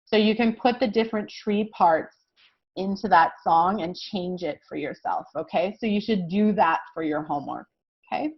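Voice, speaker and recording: A woman teaching a kindergarten lesson, slow and encouraging, often checking in with "okay?". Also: mid-range voice, dull audio. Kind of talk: recorded classroom lesson for young children.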